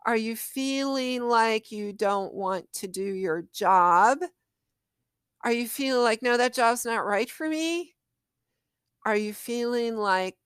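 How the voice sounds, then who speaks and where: A middle-aged woman hosts her own spiritual podcast and talks with candid, chatty emotion. Her voice sits a little high and sounds smooth and clear. She speaks slowly, letting her rhetorical questions land. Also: fairly bright tone, no room sound, studio quality. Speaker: podcast host and psychic medium. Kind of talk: casual solo podcast talk.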